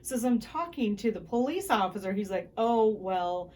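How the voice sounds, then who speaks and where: Young woman, vlogger, casual storytelling, animated, acts out quoted voices. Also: medium pitch, normal speed.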